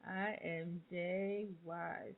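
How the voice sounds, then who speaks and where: A woman hosting an interview in a chatty, animated way, laughing often and using slang. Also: fairly low pitch, drawn-out words, gravelly. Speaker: radio interview host. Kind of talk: casual chat. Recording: phone-like narrow band.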